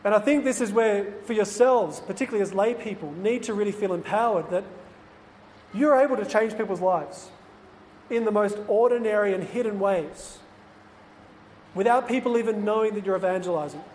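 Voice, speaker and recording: A man's voice: high voice, moderate pace, a little mellow. A man who is a priest, telling an earnest, confiding personal story to lay people. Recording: faint noise, long hall reverb.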